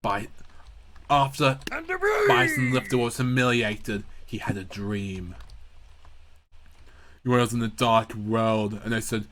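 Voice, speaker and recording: A man's voice: lowish voice, fairly even intonation, slow, pauses often, very noisy. A man narrating a battle game as a comic story, playful and stumbling with asides.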